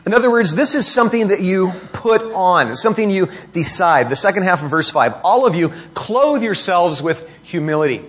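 Husky-voiced preacher, rhetorical and expressive. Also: male voice, normal speed, hardly any pauses. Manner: expository preaching with rhetorical questions, pitch rising for emphasis. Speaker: pastor. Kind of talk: sermon.

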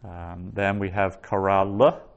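A male teacher lectures a class on Hebrew vocabulary and grammar. He speaks slowly and deliberately in a fairly low voice, saying each word twice before explaining it. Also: level tone, creaky, highs cut off.

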